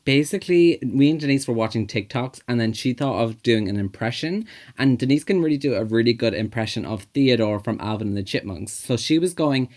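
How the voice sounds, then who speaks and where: A man's voice: mid-range voice, animated, a little fast, few pauses, a little mellow. A young man chatting casually to camera as a book vlogger, gushing and filling his talk with "like". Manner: chatty, gushing, filler-heavy with lots of "like". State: upset after bad news. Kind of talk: casual vlog chat to camera.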